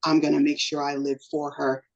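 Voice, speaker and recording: A woman's voice: low voice, a little fast, vocal fry, highs cut off. A middle-aged woman telling a personal story in an emotional, earnest way as a podcast guest. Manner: emotional, earnest storytelling with lively quoted voices.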